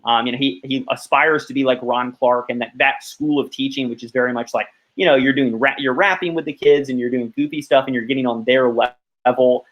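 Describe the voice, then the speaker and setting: A man's voice: mid-range voice, steady tone, a little fast, highs cut off. Rambling man from Alabama, podcast guest. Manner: rambling, heavy use of "like" fillers. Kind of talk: casual podcast chat.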